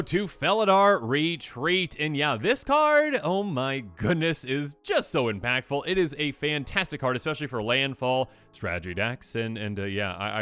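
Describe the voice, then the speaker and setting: A man hosting a casual card review, chatty and enthusiastic, with a slightly hoarse voice. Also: fairly high pitch, bright, forceful tone, dry recording. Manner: enthusiastic, chatty, lots of fillers. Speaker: channel host.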